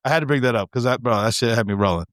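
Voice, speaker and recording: Animated, laughing podcast co-host man. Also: medium pitch, very fast, no room sound, clean studio sound. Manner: animated storytelling, swearing, laughing often. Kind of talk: casual chat.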